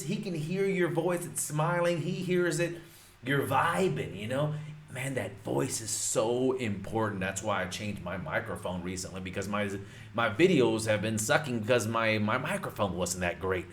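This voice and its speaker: A man's voice: medium pitch, measured pace. A man teaching real estate wholesaling in casual talk, emphatic and repetitive, calling his viewers folks. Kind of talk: casual instructional talk to camera. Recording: roomy echo.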